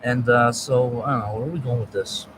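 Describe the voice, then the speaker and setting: A man in a rambling, profane monologue that jumps between topics, swinging from low muttering to loud outbursts. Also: steady tone, fairly quick, noisy background.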